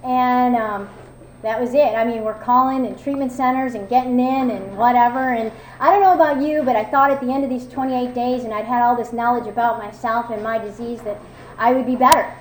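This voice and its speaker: A woman with a twang speaks her personal testimony with a slightly high voice. She is frank and wry, full of fillers and restarts. The room around her is echoey, with faint ambience underneath. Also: fairly quick, a little hiss or hum. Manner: candid, self-mocking, conversational with many fillers. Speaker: recovery meeting speaker.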